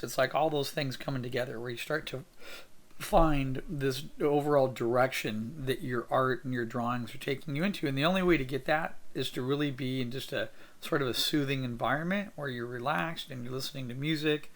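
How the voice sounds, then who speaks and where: A man's voice: medium pitch, fairly bright tone. A man talking through his sketching as an art teacher, upbeat and encouraging, thinking aloud with plenty of fillers. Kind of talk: casual drawing tutorial narration.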